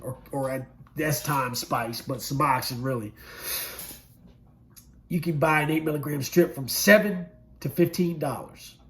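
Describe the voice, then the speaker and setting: Middle-aged guy swearing a lot telling prison stories, kinda high voice, goes loud then real quiet. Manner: profane, blunt, swings from loud bursts to low murmurs. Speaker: former prisoner telling his story. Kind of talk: candid storytelling interview.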